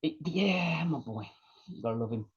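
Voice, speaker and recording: A man's voice: on the high side, lively intonation, moderate pace, husky, lo-fi sound. A man in his late thirties co-hosting a podcast, chatting casually and telling stories with animation. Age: late 30s. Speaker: podcast co-host. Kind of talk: casual chat.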